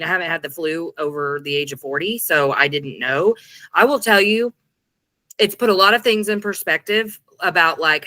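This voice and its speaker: A woman in her forties speaks as a podcast guest with a slightly stuffy, congested voice. She is animated and chatty, rolling from one story to the next. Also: lowish voice, no echo. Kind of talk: casual conversation.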